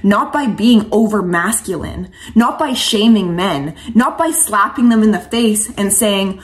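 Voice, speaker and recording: A woman's voice: mid-range voice, lively intonation, unhurried, few pauses. A woman coach and vlogger giving an impassioned, preachy monologue to camera, casual and slangy, calling viewers sweetheart and honey.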